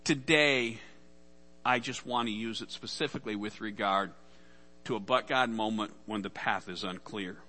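A man's voice: fairly low pitch, normal speed, bright, forceful tone. A man preaching a sermon as pastor, casual and conversational, acting out the voices in Bible stories.

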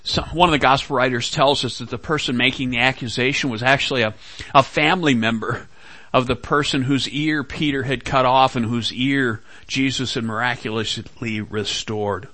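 A man preaching a sermon, slow and dramatic, acting out quoted lines. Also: medium pitch, steady tone, bright, forceful tone, dry recording. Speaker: pastor.

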